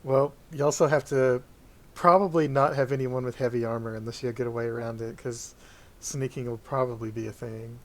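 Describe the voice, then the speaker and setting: A man's voice: mid-range voice, fairly even intonation, a little fast. A man running a tabletop game, chatting casually with his players over a voice call and laughing often. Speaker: dungeon master. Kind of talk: casual chat planning a tabletop campaign. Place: voice chat call.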